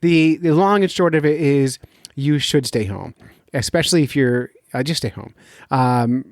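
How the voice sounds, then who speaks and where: Speaking at a normal rate with a medium-pitched voice, a man hosts his fishing podcast from his home basement. As a fishing guide, he offers an upbeat, joking monologue that often turns the laugh on himself. There's no echo, and the quality matches a studio.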